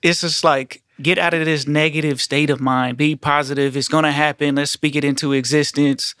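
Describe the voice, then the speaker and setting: A man's voice: on the high side, level tone, moderate pace, fairly bright tone, clean tone, no room sound, studio quality. A man co-hosting a casual interview who speaks in a supportive, encouraging way.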